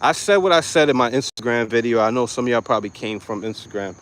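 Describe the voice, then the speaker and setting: A man ranting to camera in a profane, mocking vlog, angry and loud. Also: mid-range voice, lively intonation, fast talker. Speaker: vlogger. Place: lives in Florida.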